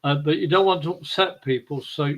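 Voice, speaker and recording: A middle-aged man co-hosts a live angel-card stream, with a voice that sits slightly high. He talks gently and affectionately, rambling and circling back as he gives each viewer a reading. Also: a little fast, poor audio. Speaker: psychic reader and co-host.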